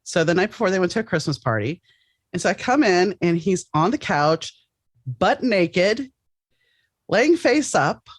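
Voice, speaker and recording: A woman hosting a podcast, chatting casually in a rambling, animated way with many restarts. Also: lowish voice, measured pace, dry recording. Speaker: podcast host. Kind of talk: casual interview chat.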